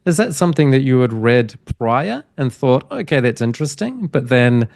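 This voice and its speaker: A man's voice: medium pitch, lively intonation, moderate pace, a little mellow, no echo, studio quality. A man hosting an interview podcast, rambling and rephrasing his questions as he asks them. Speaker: podcast host.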